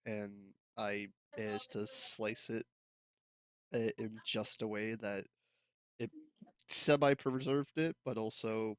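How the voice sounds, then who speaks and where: A man playing in a tabletop game, recounting a moment in a measured way. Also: fairly low pitch, little pitch movement, a bit bright. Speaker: player. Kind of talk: casual tabletop game banter.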